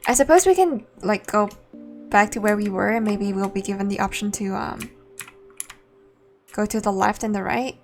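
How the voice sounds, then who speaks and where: A woman's voice: medium pitch, normal speed, pauses often, faint music behind. A woman streaming a game, chatting casually and thinking aloud, laughing easily. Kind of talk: casual let's-play commentary.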